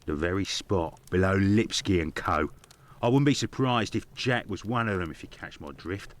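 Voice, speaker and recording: A gossipy, working-class barman for a video game. He speaks bluntly and rough-spoken in a low voice. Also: expressive, moderate pace.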